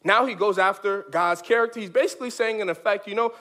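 A man preaching a lively sermon for children, animated and emphatic, with big swings from high to low. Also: fast, few pauses. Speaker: children's pastor. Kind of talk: sermon for kids.

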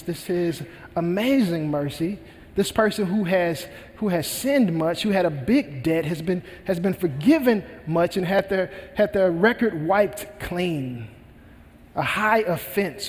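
A man's voice: sits high, a little mellow, in a large hall. A male pastor preaching a sermon, retelling a parable with earnest, emphatic repetition.

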